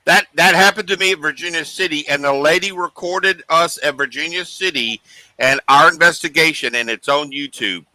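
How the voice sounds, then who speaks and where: Bright, tense-voiced man telling stories. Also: fairly high pitch, moderate pace, rough recording. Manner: animated storytelling, acting out quoted voices. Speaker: guest paranormal investigator. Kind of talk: casual podcast chat.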